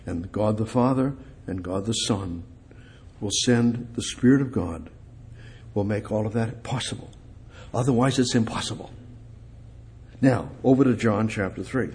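Husky-voiced man preaching emphatically. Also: a little slow, long pauses. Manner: emphatic, repetitive, rising to loud high peaks. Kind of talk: sermon, Bible exposition.

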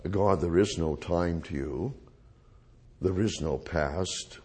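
A man's voice: low-pitched, takes it slowly, warm tone, breathy edge. A man teaching the Bible verse by verse, repeating phrases and restating each verse in plain everyday words.

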